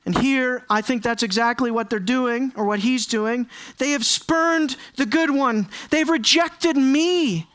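A man's voice: very high-pitched, unhurried, hardly any pauses, a bit bright, clean tone. A man preaching a sermon in an earnest way, often repeating key phrases for emphasis. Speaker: pastor.

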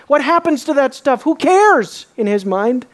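A preacher giving a sermon, animated, who often restarts and repeats words, asks many rhetorical questions and swings from loud emphasis to quiet intensity. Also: sits high, unhurried.

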